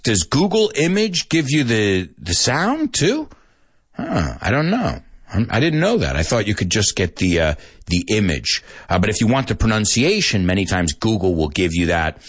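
Husky, lively man teaching English. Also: on the low side, dry recording, studio quality. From United States. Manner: animated, mixing in Spanish asides. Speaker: English teacher and show host. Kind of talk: casual live-stream lesson.

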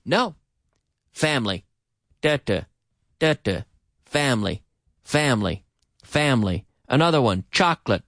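A man hosting a live radio English lesson in an animated way, drilling words by repeating them slowly and dropping in Spanish phrases, on a studio microphone with headphones. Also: sits high, dry recording. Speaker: radio English teacher and host.

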